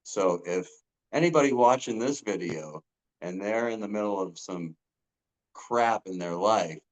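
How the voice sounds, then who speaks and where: A man giving a casual testimonial as a coaching client, earnest and halting, with frequent ums and restarts. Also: fairly low pitch, lively intonation, low-quality recording.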